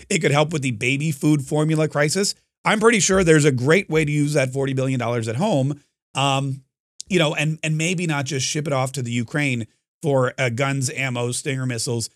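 In a studio-quality recording with no room sound, a podcast host with a mid-range voice talks in a brash, rambling, mocking manner. The segment covers politics and a giveaway.

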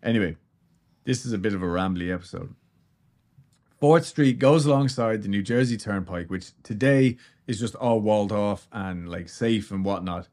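Low-ish guy rambling through a creepy story on his podcast, jokey, swears a lot. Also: normal speed, darkish tone. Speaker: podcast host. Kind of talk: casual storytelling chat.

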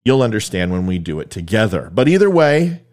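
A man hosts a political commentary talk show in a blunt, opinionated, informal way. His voice is somewhat low, and he speaks directly to his audience. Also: big pitch swings, a little fast, a little mellow. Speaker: podcast host.

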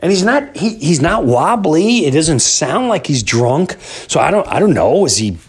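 Animated storytelling man in his fifties. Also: on the high side, moderate pace, breathy edge. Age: 50s. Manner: animated, rambling, jumps to shouting disbelief. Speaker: podcast host. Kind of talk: casual storytelling monologue.

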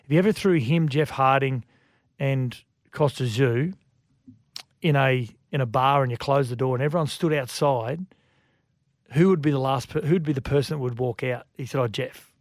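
An Australian man co-hosting a sports radio show, telling stories in a lively way and acting out quotes. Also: mid-range voice, moderate pace, dry recording, clean studio sound. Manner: lively storyteller, acts out quotes. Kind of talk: casual sports radio chat. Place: radio studio. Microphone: studio microphone.

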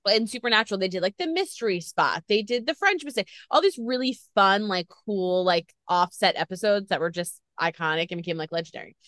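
A woman's voice: mid-range voice, lively intonation, a little fast, hardly any pauses, fairly bright tone, no echo, studio quality. A woman interviewer chatting casually on a video call, rambling with lots of filler words.

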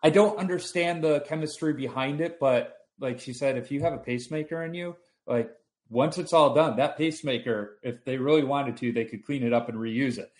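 Male host, young adult, casual storytelling, animated anecdotes, mid-pitched voice. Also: fairly quick.

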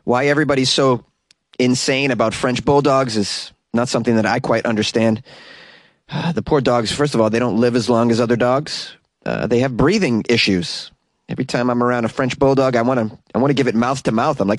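A man's voice: medium pitch, moderate pace, no room sound. A man hosting a talk radio show, ranting in an exasperated, incredulous and jokey way, taking calls from a studio. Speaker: radio host. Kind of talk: solo talk radio rant.

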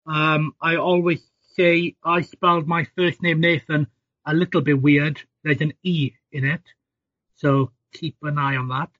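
A man guest on a podcast, an author talking in a relaxed, self-deprecating way. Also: on the high side, a little slow, no echo. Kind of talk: podcast interview. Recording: slightly dull audio.

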